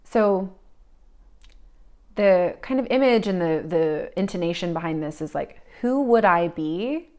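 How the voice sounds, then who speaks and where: A woman giving a psychic reading, talking in a searching, meandering way with many fillers, often drifting soft and reflective. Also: on the low side, animated, measured pace. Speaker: psychic reader.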